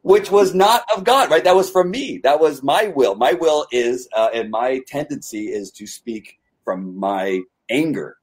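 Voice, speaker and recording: A man hosting a conversation, telling a personal faith story in an earnest, halting way with many restarts. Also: medium pitch, lively intonation, darkish tone, slightly rough. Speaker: podcast host. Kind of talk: personal testimony in casual conversation.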